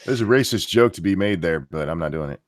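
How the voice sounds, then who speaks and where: A man's voice: sits low, animated, fast, no room sound, studio quality. A man from the United States co-hosting a casual talk show, blunt and fond of crude jokes. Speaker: co-host. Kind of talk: casual chat.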